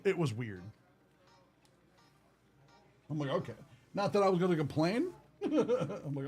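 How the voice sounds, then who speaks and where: A man's voice: fairly high pitch, sing-song, a little slow, pauses often, darkish tone, breathy edge, faint music behind. A young man hosting a card-opening stream, chatting casually and rambling with lots of fillers. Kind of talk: casual chat while opening cards.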